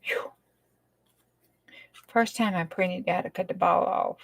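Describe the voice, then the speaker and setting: A woman's voice: lowish voice, fairly even intonation, a little slow, creaky, dry recording. A woman chatting casually while she crafts, often dropping to a whisper. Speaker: craft channel host.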